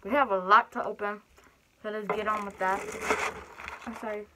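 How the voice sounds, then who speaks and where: A woman's voice: medium pitch, steady tone, moderate pace, noisy background. A young woman chatting and laughing while she eats on camera for her vlog. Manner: chatty, giggly, talks while chewing. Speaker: mukbang vlogger. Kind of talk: casual eating vlog.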